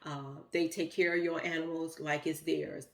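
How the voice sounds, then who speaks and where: A woman's voice: deep voice, little pitch movement, normal speed, gravelly. A middle-aged woman, telling a heartfelt personal story in a rambling, emotional way with many fillers. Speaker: vlogger.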